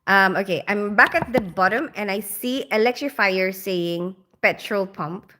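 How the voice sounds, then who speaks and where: There's noticeable background noise as a woman in her forties, raised in the Philippines, hosts a relaxed livestream. Her pitch is medium and her pace a little slow, and she laughs often while reading viewers' comments.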